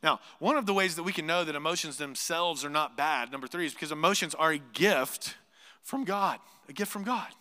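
High, bright-voiced male pastor preaching in a hall. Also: fairly quick. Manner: animated preaching, voicing imagined speakers, drops to hushed asides. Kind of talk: sermon. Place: church sanctuary.

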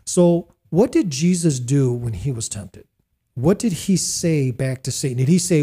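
A middle-aged man hosting a casual faith talk, preachy and excitable. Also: a little high, normal speed, slightly rough. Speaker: host.

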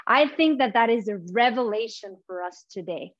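A woman whose first language is not English, preaching a heartfelt sermon with pauses and restarts. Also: fairly high pitch, lively intonation, no echo, lo-fi sound.

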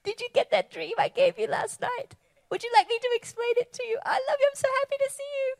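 A woman's voice: very high voice, quick pace, vocal fry, pitched above the performer's own voice. A woman voicing God as a tender, delighted male figure who gushes with affection. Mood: gushing. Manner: gushing, affectionate, eager.

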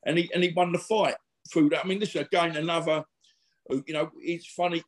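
A man's voice: on the high side, steady tone, brisk. A middle-aged man, a former boxer telling rambling, slangy stories in a casual interview. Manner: chatty, rambling, laddish slang with frequent fillers.

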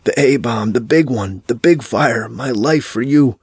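A man's voice: mid-range voice, unhurried, breathy edge, no echo. A man voicing a broken, ecstatic man who rises to agonized howls. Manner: bubbling, rising to an agonized howl. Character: ruined, ecstatic man with a bomb, broken and childlike.

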